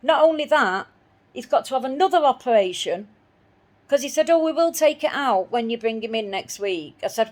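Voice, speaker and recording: A woman's voice: fairly high pitch, lively intonation, moderate pace, darkish tone. A woman telling a personal story in an indignant voice, repeating herself as she replays her arguments. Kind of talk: spoken personal account.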